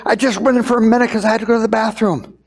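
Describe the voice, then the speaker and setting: A man's voice: high-pitched, steady tone, very fast, voice pushed up. A man voicing a young boy who hurriedly pleads his excuse to his father. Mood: pleading.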